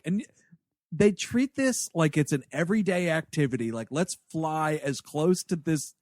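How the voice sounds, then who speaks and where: A high-pitched man co-hosting a podcast, chatting loosely and acting out bits of dialogue as he retells the story. His voice jumps all over the place, up and down, and it sounds close and dry, with no room around it. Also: dry recording. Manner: animated storytelling, acts out characters in quick asides. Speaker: podcast co-host. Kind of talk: casual chat, movie review.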